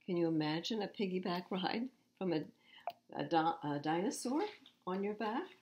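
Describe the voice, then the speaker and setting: A woman's voice: fairly low pitch, animated, normal speed, a little mellow. A woman reading picture books aloud to children at storytime, expressively and with asides to the listeners. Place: public library.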